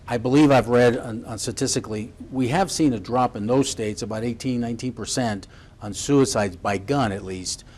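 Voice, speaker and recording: Man, talk host, mid-pitched voice, casual, probing, rambling questions. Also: moderate pace, a little mellow. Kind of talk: moderating a panel discussion.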